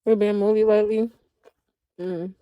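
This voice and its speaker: A woman's voice: mid-range voice, level tone, normal speed, clean tone, no room sound, dull audio. A woman livestreaming in a casual chat, drawling and talking back to her viewers.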